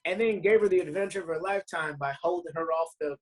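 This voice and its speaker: A man's voice: a little high, fast, over a noisy crowd. A man chatting casually on a podcast, riffing in a laid-back, crude way. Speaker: comedian guest. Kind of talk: casual comedic chat.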